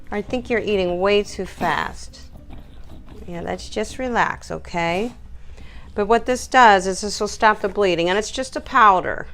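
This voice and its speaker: A woman's voice: medium pitch, a bit bright. A woman dog groomer explaining nail trimming and cooing soothingly at a nervous dog while she works. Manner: soothing baby talk to the dog between instructions. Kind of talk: grooming demonstration. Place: grooming room.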